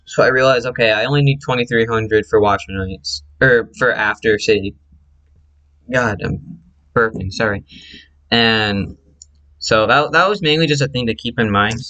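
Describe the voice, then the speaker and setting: A man's voice: medium pitch, moderate pace, sharp tone, low-quality recording. A man who speedruns, casually explaining his own run over replay footage, chatty and correcting himself as he goes.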